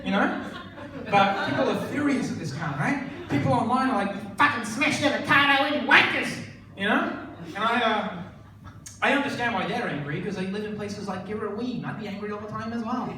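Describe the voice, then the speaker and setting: A young Australian man in his twenties delivers a deadpan, sardonic stand-up set. He sounds a little away from the mic, and the room is very echoey with steady noise underneath. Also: high voice, a little fast. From Fremantle, Western Australia. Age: 20s. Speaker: stand-up comedian. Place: comedy club stage. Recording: echoey club, distant mic, noisy.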